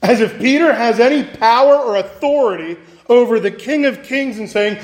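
Guy with a high voice giving a chatty sermon, plays out the quotes. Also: moderate pace. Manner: conversational, acts out quoted voices. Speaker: pastor.

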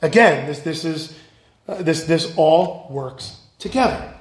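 A man's voice: a little high, animated, slow, echoey room. A male pastor giving a sermon, earnest and emphatic, asking his listeners questions.

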